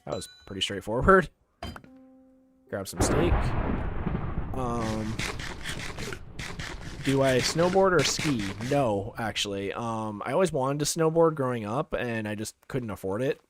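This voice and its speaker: A man's voice: medium pitch, lively intonation, unhurried, pauses often, noisy background. A young man from Canada streaming a game, chatting casually and rambling with lots of ums and likes. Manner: laid-back, rambling, many ums and likes. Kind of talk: casual live-stream chat while gaming. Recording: game music playing under the voice.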